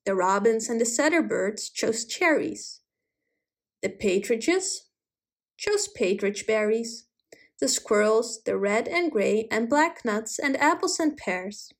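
A woman reading a children's animal story aloud, gently and slowly, putting small voices on the animals. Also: on the high side, lively intonation. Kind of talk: storybook read-aloud narration.

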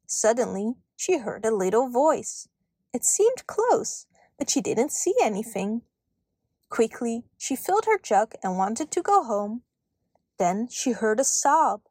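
A woman's voice: fairly high pitch, big pitch swings, unhurried, darkish tone, husky, no echo, studio quality. Woman reading a children's story.

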